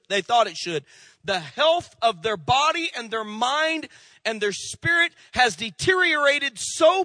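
A male pastor preaching a sermon, animated, with swings from loud emphasis to hushed asides and acted-out quotes. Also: very high-pitched, dry recording, studio quality. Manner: tells jokes and acts out quoted voices.

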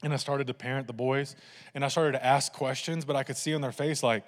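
A pastor preaching a sermon, telling funny family stories to his congregation in an animated way. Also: medium pitch, brisk, in a large hall. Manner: animated, humorous storytelling to a congregation.

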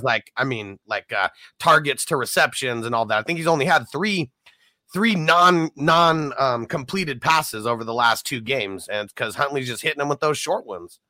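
Male sports podcast host, talky and stat-driven, bright and dry close sound. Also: mid-range voice, dry recording. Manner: chatty, stat-heavy, filler-laden. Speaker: fantasy football podcast host. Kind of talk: casual sports chat.

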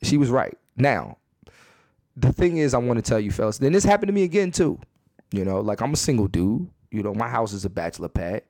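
A man hosting a comedy podcast, telling stories in a profane, animated way and repeating lines for emphasis, recorded in a bedroom at home. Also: medium pitch, a little fast, gravelly, no room sound, clean studio sound. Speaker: podcast host. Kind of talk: comedic storytelling monologue. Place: his second bedroom at home.

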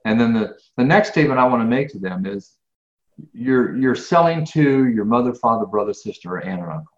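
A man's voice: medium pitch, animated, brisk. A middle-aged man speaking as an interview guest, emphatic and full of restarts and repeated words. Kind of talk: conversational interview. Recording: echoey, dull lo-fi sound.

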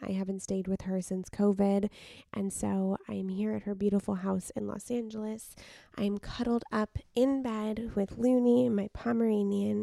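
A woman hosting her own podcast from a bedroom late at night, tired and with vocal fry, talking earnestly and repeating words for emphasis. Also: mid-range voice, mellow, no room sound, studio quality. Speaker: podcast host. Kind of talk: casual solo podcast monologue.

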